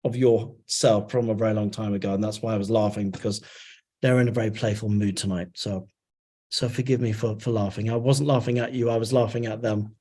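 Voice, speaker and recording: A man's voice: on the low side, fairly even intonation, fairly quick, warm tone. A man who channels messages in chanted syllables and then explains them in casual chat with many fillers. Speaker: channeler guest.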